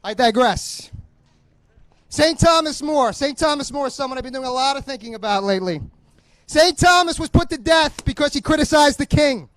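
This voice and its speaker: A middle-aged man gives a fiery, angry speech as a police union official, shouting to a crowd at an outdoor rally. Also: very high voice, dry recording, rough recording. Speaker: police union vice president.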